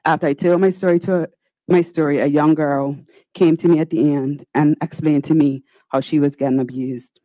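A woman's voice: deep voice, steady tone, dark tone, no echo, rough recording. A woman senator, giving a formal, earnest, pleading speech in a legislative chamber. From Bermuda. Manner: earnest, pleading, with slow deliberate pauses.

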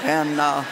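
A woman's voice: low voice, very noisy. Sassy older woman preaching in a big echoey hall. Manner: sassy, animated, self-mocking. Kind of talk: humorous sermon storytelling. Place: large church auditorium with a live congregation. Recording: echoey hall with crowd laughter.

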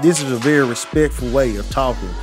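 A man with a thick Texan accent streams a game and jokes in a broad, hammed-up country drawl. His voice sits at an ordinary middle pitch, with music playing behind him. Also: fast talker. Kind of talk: casual gaming chat.

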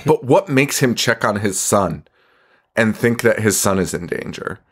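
A man with a lowish, animated voice speaks unhurriedly as a podcast co-host. He casually recaps a movie in a rambling way, swearing a lot, laughing, and quoting lines mockingly.

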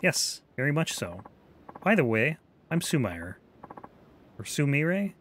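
A courteous young shopkeeper woman from a samurai video game, played by a man. She speaks gently and slowly, in a raised, sweet voice. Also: fairly high pitch, sing-song, a little hiss or hum, pitched above the performer's own voice, full character voice. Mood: polite.

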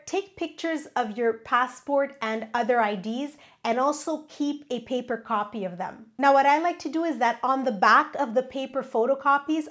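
High-voiced woman, nasal with a cold. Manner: upbeat, instructive. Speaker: travel vlog host. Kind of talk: scripted tips video.

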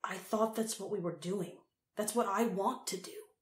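A woman's voice: mid-range voice, moderate pace, roomy sound, close to an everyday voice. A woman voicing an earnest teenage boy. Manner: earnest and firm.

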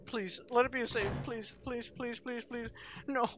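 A man's voice: very high-pitched, moderate pace. A young man hosting a horror game playthrough, jumpy and emotive as he talks while he plays, on a home setup late at night. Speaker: gaming video host. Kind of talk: horror let's play commentary. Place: home room, gaming at night. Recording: dull lo-fi mic with steady noise.

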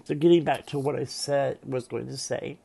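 A man with a deeply gravelly, rough-edged voice speaks to camera while seated at home. His speech is halting and emotional, full of restarts and pauses. His pitch sits in an ordinary middle range. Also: fairly even intonation, dark tone. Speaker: tarot reader and vlogger. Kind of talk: casual heartfelt monologue to camera.

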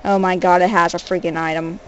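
A woman's voice: on the low side, flat delivery, fairly quick, a bit bright, dull audio, slight background noise. A woman groaning, whining and being sarcastic while streaming a handheld game at home. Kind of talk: live game stream commentary. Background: faint game music.

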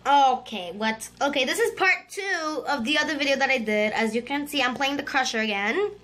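A woman hosting a gaming channel, giving excitable let's-play commentary and chattering to her viewers. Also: high-pitched, moderate pace.

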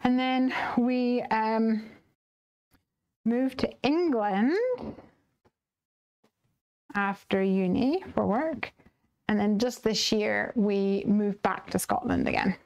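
Chatty woman with a soft Northern Irish accent. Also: fairly high pitch, slow pace, creaky, long pauses, lo-fi sound. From Northern Ireland. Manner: chatty, reads and answers viewer comments live. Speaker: live stream craft host. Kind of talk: casual chat while demonstrating card making.

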